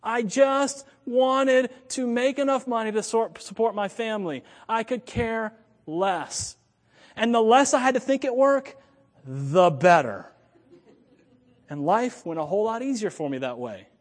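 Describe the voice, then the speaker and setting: A man with a high voice preaching a sermon, swinging between loud, emphatic points and low, joking asides. His voice rings through a church sanctuary with a long reverb. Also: expressive, a little slow. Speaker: pastor.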